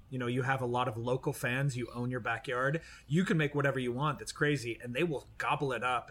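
Man, bright forceful voice, podcast co-host, animated, swears freely, casual chat. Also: mid-range voice.

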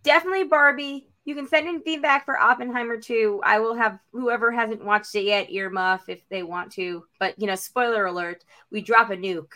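A woman hosting a casual podcast, upbeat and quick to laugh as she wraps up the episode. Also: a little high, steady tone, pushed and bright. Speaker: podcast host.

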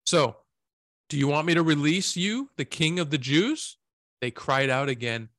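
Bright, dry-voiced man reading scripture. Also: on the high side, expressive, unhurried, no echo. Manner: reads scripture aloud, laughs easily. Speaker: podcast co-host. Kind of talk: Bible reading and casual discussion.

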